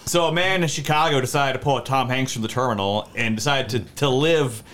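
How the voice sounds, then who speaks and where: A man's voice: mid-range voice, fairly quick, noisy background. A man co-hosting a casual podcast, reading odd news stories aloud, laughing often and tripping over words. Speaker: podcast co-host.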